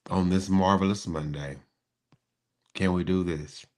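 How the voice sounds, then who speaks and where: A middle-aged man, hosting a casual live-stream chat and joking sarcastically with sudden excited high bursts. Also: unhurried. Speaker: host.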